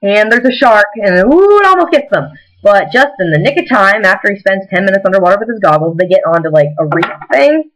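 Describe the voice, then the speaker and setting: Sarcastic, rambling woman with a lively voice. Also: medium pitch, fast, hardly any pauses, rough recording. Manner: rambling and sarcastic, says "like" constantly, laughs between lines. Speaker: movie reviewer. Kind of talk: casual comedic recap.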